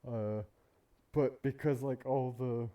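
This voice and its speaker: A man's voice: medium pitch, steady tone, takes it slowly, dark tone. A man hosting an anime reaction video, talking in a rambling, casual way with many fillers and some swearing. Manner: rambling, filler-heavy, profane. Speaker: anime reaction channel host.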